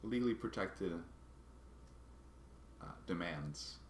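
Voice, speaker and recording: Brief: deep-voiced man, casual halting vlog narration, echoey room, faint background hiss. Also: animated. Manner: halting, restarts and repeats words while recounting a grievance. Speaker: vlogger.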